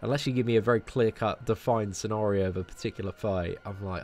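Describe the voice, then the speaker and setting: A man's voice: on the low side, fast, hardly any pauses, soft background music. Chatty British man streaming a game. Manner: relaxed, chatty, frequent "man" and restarts. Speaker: gaming streamer answering viewer questions. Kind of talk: casual live-stream chat.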